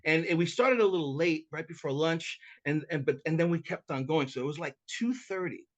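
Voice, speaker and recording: A man's voice: on the high side, fairly quick, lo-fi sound. Chatty man telling a mediation story. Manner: self-described talker, animated and chatty; frequent restarts and repeated words. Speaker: mediator, podcast guest. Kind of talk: conversational interview storytelling.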